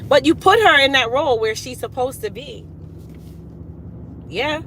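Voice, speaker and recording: A woman's voice: high-pitched, unhurried, long pauses, a bit bright, a little hiss or hum, rough recording. A woman talking casually and emphatically to her viewers in a motivational, preachy way. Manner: preachy, emphatic, talks straight to her audience. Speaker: hair care business owner and vlogger.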